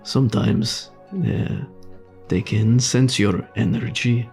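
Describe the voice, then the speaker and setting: A man playing a tabletop game, speaking calmly and measuredly as a fatherly character. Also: medium pitch, slow, vocal fry, faint music behind. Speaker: player. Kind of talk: tabletop role-play.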